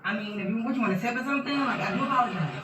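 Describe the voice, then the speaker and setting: A woman's voice: on the high side, very fast, recorded from a distance, natural voice. A woman playing a flustered passenger having a bad day, apologizing and pleading to be driven. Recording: echoey, off-mic, loud noise.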